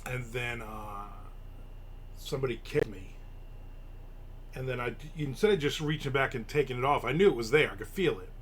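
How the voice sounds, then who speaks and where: A man's voice: mid-range voice, a bit bright, a little hiss or hum. Profane sarcastic man. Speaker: podcast host. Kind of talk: casual live-stream chat.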